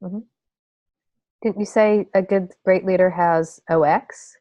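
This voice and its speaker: A woman's voice: on the low side, fairly even intonation, slow pace, mellow, muffled recording. A woman facilitating a meeting check-in over a video call, brief and encouraging as she passes the turn.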